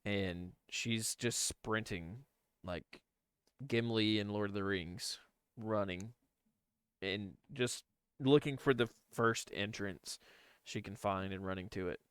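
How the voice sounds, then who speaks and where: A man's voice: fairly low pitch, takes it slowly, smooth, dry recording, clean studio sound. A man playing a tabletop game, eagerly describing what his character does. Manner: animated, eager telling of his character's actions. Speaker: player. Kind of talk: casual tabletop play.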